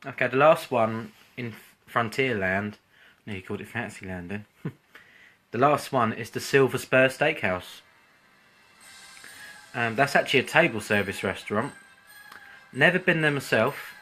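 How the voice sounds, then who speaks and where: A man's voice: mid-range voice, bright, forceful tone. A man rambling chattily on a live stream, with frequent ums and restarts. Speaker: vlogger hosting a live stream.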